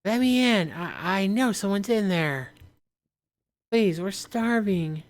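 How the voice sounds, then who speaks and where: A frightened, starving woman pleads to be let in, her voice pitched up high and shaky, as a man reads her lines aloud. Her tone is smooth and clear. She sounds close to breaking. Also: expressive, slow pace. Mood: pleading. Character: desperate pleading woman outside a shelter.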